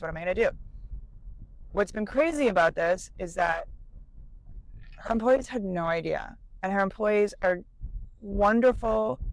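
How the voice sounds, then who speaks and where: A woman's voice: medium pitch, low-quality recording. A woman talking candidly in a vlog, emotional and rambling, about her experiences as a new business owner.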